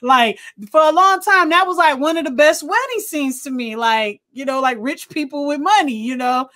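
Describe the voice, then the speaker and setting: A woman co-hosting a casual movie review podcast, excitable, laughing often and swearing casually. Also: high-pitched, moderate pace. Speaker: podcast co-host.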